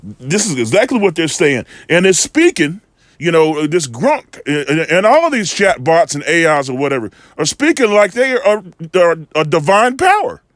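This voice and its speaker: A man's voice: fairly high pitch, very animated, normal speed, dry recording, studio quality. A man reading Bible verses aloud and commenting on them with earnest stress. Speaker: scripture reader. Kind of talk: reading and discussing scripture.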